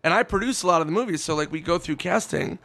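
A man spins a raucous anecdote in loose, profane chat, slipping into other people's voices as he goes. His voice is gravelly and sits a bit high. The room sounds dry and close. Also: fast talker, no room sound. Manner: animated, swearing, acts out quotes. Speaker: podcast guest. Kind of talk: casual storytelling chat.

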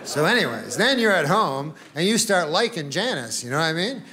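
Rambling high-voiced male stand-up comic. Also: sing-song, a little fast, noisy background. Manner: rambling, offhand, profane, with chuckles. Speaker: stand-up comedian. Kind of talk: stand-up comedy routine.

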